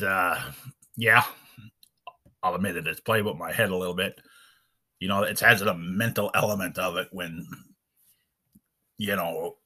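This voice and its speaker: A man's voice: low-pitched, sharp tone, husky. A man hosting an unscripted podcast, rambling in a folksy way with lots of fillers. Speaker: podcast host. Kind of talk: casual unscripted podcast chat.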